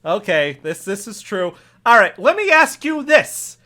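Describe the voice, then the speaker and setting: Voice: medium pitch, big pitch swings, unhurried, pushed and bright. Someone playing a flustered Texas cop. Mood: defensive. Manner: rambling, defensive, stammering. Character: flustered small-town male cop. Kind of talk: improv comedy sketch.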